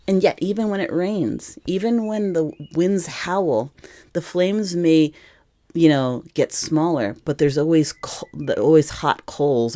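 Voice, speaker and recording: A woman's voice: sits low, mellow. A woman giving a casual tarot reading to camera, rambling and emotional, often correcting herself mid-sentence. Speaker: tarot reader.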